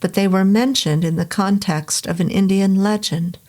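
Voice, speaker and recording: A woman reading an earnest, measured man. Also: mid-range voice, fairly even intonation, darkish tone, natural voice. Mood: calm.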